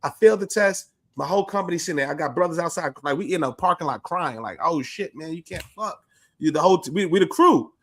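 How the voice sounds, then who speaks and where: A man with a somewhat higher voice, co-hosting a podcast and telling a personal story with real animation. He laughs easily and talks in casual, streetwise slang, swearing freely as the story builds. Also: expressive, quick pace, hardly any pauses. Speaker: podcast co-host.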